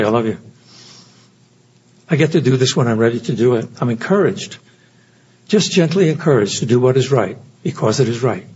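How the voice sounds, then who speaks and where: A man's voice: mid-range voice, a little mellow, highs cut off. An older man giving an earnest, reflective personal talk at a recovery meeting. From United States. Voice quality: very husky.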